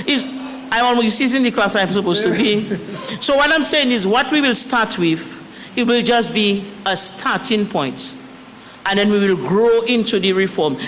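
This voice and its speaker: A man with a Dominican accent, an education official speaking at a press briefing in an animated, chatty way. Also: high-pitched. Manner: animated, chatty, breaks into song and counting. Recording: long hall reverb with faint background noise.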